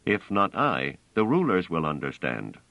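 A man voicing a cold, commanding humanoid guard robot that questions its prisoners in a flat, literal manner. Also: low-pitched, unhurried, creaky, no room sound, exaggerated voice. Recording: dull, dry audio.

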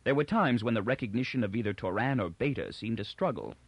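A man narrating a novel in a measured, expressive voice with lots of pitch movement and a close, dry sound. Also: breathy edge, dry recording, highs cut off. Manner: measured storytelling. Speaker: audiobook narrator. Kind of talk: scripted narration.

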